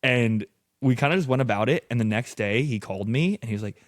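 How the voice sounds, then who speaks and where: A man's voice: medium pitch, animated, fast, dry recording, studio quality. A man as a podcast guest, telling stories loosely and casually, swearing a lot and acting out what people said. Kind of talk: casual storytelling.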